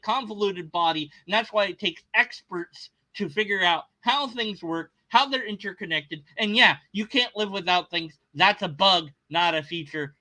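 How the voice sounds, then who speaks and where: A man rants casually about a video he is reacting to, sarcastic and agitated, and often stops to restart a thought. His voice sits high and sounds very bright and cutting. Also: poor audio. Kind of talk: casual rant.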